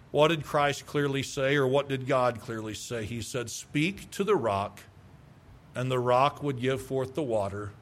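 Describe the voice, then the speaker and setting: A man's voice: fairly high pitch, a bit bright. A man preaching a sermon, reading scripture aloud and asking his congregation rhetorical questions. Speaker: pastor.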